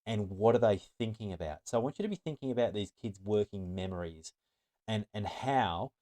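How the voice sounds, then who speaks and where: A middle-aged man speaks to a room of teachers in a fairly low voice. He is earnest and emphatic, stressing his points as a trainer. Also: lively intonation, fairly quick, warm tone. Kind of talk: presentation to teachers.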